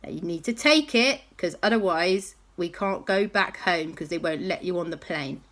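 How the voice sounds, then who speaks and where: A woman voicing a brisk, caring aunt in a bedtime story. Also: fairly low pitch, fairly bright tone, lightly acted. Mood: coaxing. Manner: brisk and motherly. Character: cheerful bossy aunt, caring and relieved.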